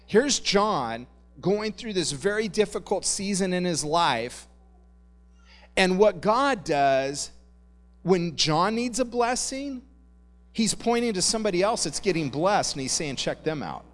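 A pastor giving a relaxed, conversational sermon, joking and calling his listeners "guys.". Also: high-pitched, a little slow. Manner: conversational, jokey, addresses the congregation as "guys". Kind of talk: casual sermon.

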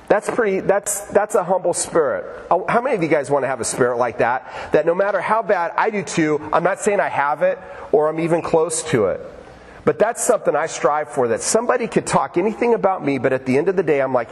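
A man's voice: on the high side, brisk. Man preaching in a reverberant church hall. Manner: conversational, animated preaching with acted quotes. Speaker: pastor. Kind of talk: sermon. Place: church sanctuary.

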